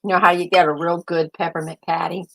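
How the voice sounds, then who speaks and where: Older woman, gravelly voice, rambling casual chat, thinks out loud, host. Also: on the low side, flat delivery, quick pace. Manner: rambling, thinks aloud, chatty. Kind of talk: casual live-stream chat.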